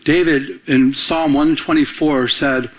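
A middle-aged male pastor preaches slowly in a steady, husky voice. Through his sermon he tells stories and acts out the voices of the people in them, raising his pitch for the quoted lines.

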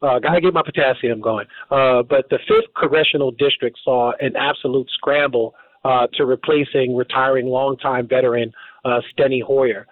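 A male radio host talks through a call-in show in a mid-range voice, pausing and tripping over words as he goes. The sound is narrow and phone-like, and the room is dry and close. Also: medium pitch, steady tone, dry recording. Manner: halting, stumbles and restarts over words.

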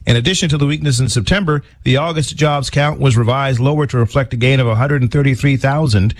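A male correspondent files a brisk, matter-of-fact radio news report. The recording is dry. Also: medium pitch, no room sound.

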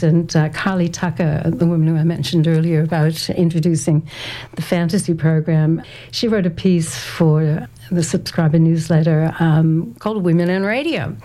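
A woman's voice: lowish voice, mellow. A woman in her sixties, a guest in an interview, reminiscing in a thoughtful, hesitant way and laughing easily. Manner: thoughtful and hesitant, reads quotes aloud, laughs often. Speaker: interview guest, former community radio volunteer.

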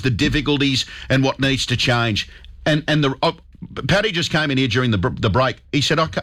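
A man's voice: mid-range voice, a bit bright. A man with an Australian accent hosting a talkback radio show, speaking with fired-up, indignant emphasis into a studio microphone. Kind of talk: talk radio commentary.

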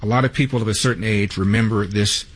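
A man's voice: fairly low pitch, steady tone, fast, husky. A man hosting a talk radio show, delivering a monologue with wry, sarcastic asides from a studio microphone.

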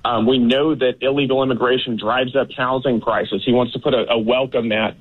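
A man's voice: medium pitch, fairly even intonation, a little fast, slightly rough. A man from Texas, a guest in a political interview, talking in an emphatic, dismissive way with many fillers. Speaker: guest, congressman. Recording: phone-like remote line.

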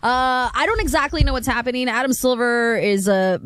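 Upbeat lady sports radio host, high voice, dry close mic. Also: a bit bright, no echo. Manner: upbeat, chatty, quick laughs. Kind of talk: casual sports radio chat.

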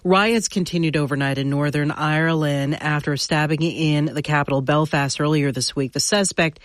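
Male radio newscaster, slightly high voice, dry booth sound, formal measured reads. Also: fairly even intonation, no echo.

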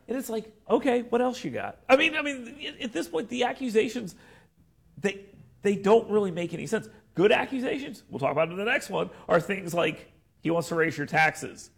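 Animated raspy-voiced talk show host man. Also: high-pitched, moderate pace. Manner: animated, joking, frequent restarts. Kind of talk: casual political chat.

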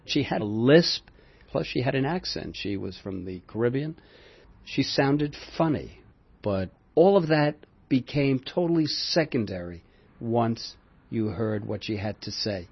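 An older man, a former campaign staffer, recalling the past in an animated interview. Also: medium pitch, measured pace, vocal fry, slightly rough, no echo, highs cut off. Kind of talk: interview recollection.

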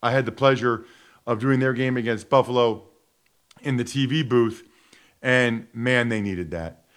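A man's voice: mid-range voice, unhurried, a bit bright. A man giving emphatic, conversational football analysis on a radio sports show.

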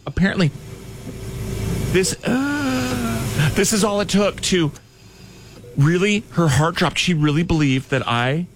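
A man's voice: takes it slowly, pauses often, a little hiss or hum. A man hosting a radio show, telling a story with lots of acted-out voices, recorded in a studio. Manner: animated storyteller, acts out quotes in a high voice. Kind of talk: morning radio banter.

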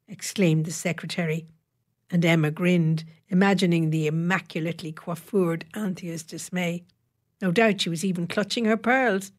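A woman narrating an audiobook with wry, expressive storytelling. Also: lowish voice, normal speed. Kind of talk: scripted narration.

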